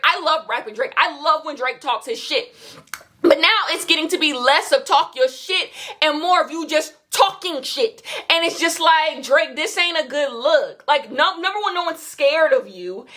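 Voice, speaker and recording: A woman with a high, bright voice talks loosely and bluntly. She fires off rhetorical questions and swears freely, in the easy rhythm of a casual chat show. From Kenya. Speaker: podcast co-host.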